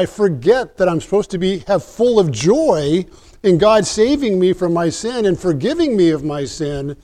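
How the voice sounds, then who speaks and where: A man's voice: fairly high pitch, dark tone. A man preaching a sermon in an earnest, emphatic way, often restarting his sentences.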